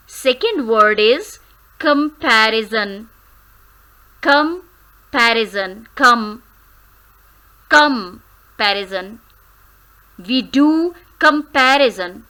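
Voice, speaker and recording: A woman teaches a grammar lesson, sounding words out carefully syllable by syllable. Her voice is bright and a little high, and she speaks at an unhurried, deliberate pace. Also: low-quality recording. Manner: slow, careful syllable-by-syllable drilling; switches briefly into Hindi.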